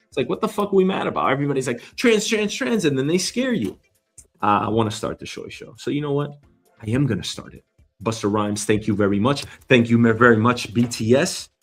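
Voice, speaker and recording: A man's voice: mid-range voice, slightly rough. A man hosting his own casual news commentary show, rambling and swearing with a swaggering, loose manner. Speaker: host.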